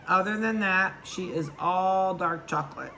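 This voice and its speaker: A woman's voice: on the low side, a little slow, sharp tone, slight background noise. A woman dog breeder chatting casually and affectionately as she handles puppies at an indoor table and talks to them.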